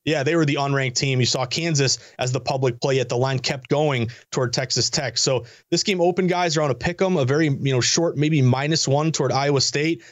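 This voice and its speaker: A man talking as a sports betting analyst guest in quick, energetic, chatty sports betting banter. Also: mid-range voice, dry recording. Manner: fast, energetic, chatty delivery. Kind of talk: casual sports betting talk.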